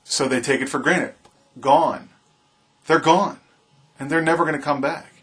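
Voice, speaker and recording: A man's voice: on the high side, a little slow, a bit bright. A man vlogging his opinion in an impassioned, preachy monologue, repeating his appeals to the viewer. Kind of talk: earnest opinion monologue to camera.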